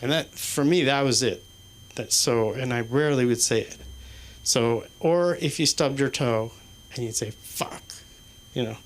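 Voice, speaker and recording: A man performing stand-up in a small comedy club, his delivery halting and rambling, with a swear word every few phrases. Faint room noise sits under his voice. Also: medium pitch. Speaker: stand-up comic. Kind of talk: stand-up set.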